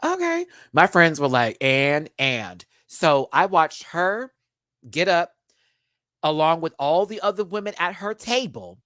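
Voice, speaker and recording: A man hosting a live stream, telling a story in a casual, animated way straight to his viewers. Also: on the high side, measured pace, no echo, clean studio sound. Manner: animated, chatty, addresses viewers as y'all.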